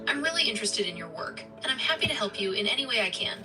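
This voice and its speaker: A fast-talking synthetic woman's voice, eager and polite as a helpful assistant. It sounds distant from the mic, with clear music underneath. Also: fairly high pitch, big pitch swings.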